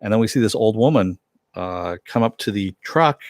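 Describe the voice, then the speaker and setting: Man, lowish voice, dry close sound, casual TV recap, lots of ums and restarts. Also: animated, moderate pace, no room sound. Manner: rambling, many fillers and self-corrections. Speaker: TV show reviewer.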